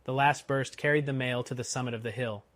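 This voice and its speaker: A man narrating a classic novel as an audiobook in a steady, expressive reading. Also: medium pitch, fast talker, dry recording. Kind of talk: scripted narration.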